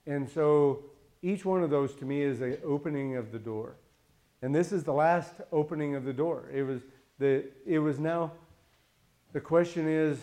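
A man leads a Bible study in an easy, talkative way, his voice sitting a little on the higher side. He keeps asking his listeners questions and slips into the voices of the people he quotes. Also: warm tone. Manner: chatty, asks the listeners questions, acts out quotes. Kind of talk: conversational Bible study teaching.

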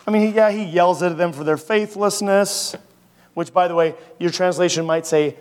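A man's voice: high voice, moderate pace, clear, resonant tone. A man, a pastor, preaching a conversational sermon and asking his listeners many rhetorical questions. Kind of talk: sermon teaching.

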